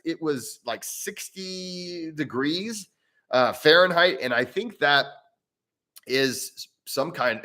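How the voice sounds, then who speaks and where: A man hosting a live stream on breathwork, answering viewer mail in a casual, rambling way with many restarts and easy laughs. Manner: rambling and chatty, with frequent restarts and self-corrections; animated, with pitch jumping up and down.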